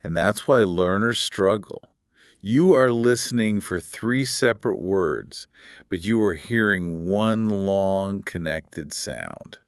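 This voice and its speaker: A man's voice: low voice, expressive, slow pace, dry recording, studio quality. A man co-hosting a podcast English lesson, explaining patiently with emphatic stress. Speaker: English teacher, podcast co-host. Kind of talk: scripted podcast lesson dialogue.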